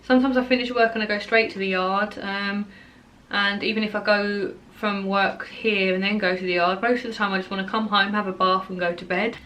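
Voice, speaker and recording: A young woman with an Essex accent, chatting quickly through a casual Q&A vlog, full of "um" and "like". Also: mid-range voice, fairly even intonation, a bit bright. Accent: Essex English. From Essex, England. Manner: fast, chatty, lots of "um" and "like". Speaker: equestrian vlogger.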